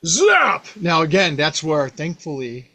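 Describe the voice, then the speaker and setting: A man hosting a podcast, casually recounting a tabletop game he ran, rambling and animated with many fillers. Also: medium pitch, a little slow. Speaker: podcast host, game master. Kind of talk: casual storytelling about a past game.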